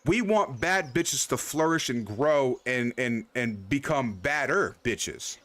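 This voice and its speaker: A man's voice: mid-range voice, expressive, takes it slowly, a bit bright, no room sound. A young man hosting a game livestream, chatting loosely with viewers by name, rambling, repeating himself and swearing freely. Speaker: livestream host. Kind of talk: casual chat with live chat.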